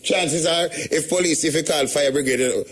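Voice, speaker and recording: A man's voice: on the high side, normal speed, fairly bright tone, slightly rough. A middle-aged Jamaican man hosting a radio show, chatting in a loose storytelling way with plenty of patois. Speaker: radio host. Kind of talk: casual radio talk.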